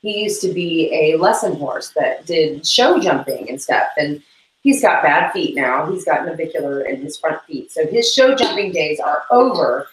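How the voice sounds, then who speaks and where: A woman's voice: deep voice, lively intonation, roomy sound, low-quality recording. A woman co-hosting a casual livestream chat, rambling and giggling as she talks. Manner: giggly, rambling, quick asides. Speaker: co-host. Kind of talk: casual chat while cleaning tack.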